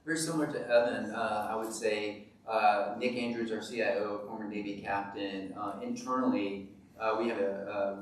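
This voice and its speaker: Upbeat Southern man on a panel. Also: on the low side. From South Carolina. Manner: upbeat, enthusiastic. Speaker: company executive panelist. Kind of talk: panel discussion. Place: large university hall. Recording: echoey hall, mic far off, faint noise.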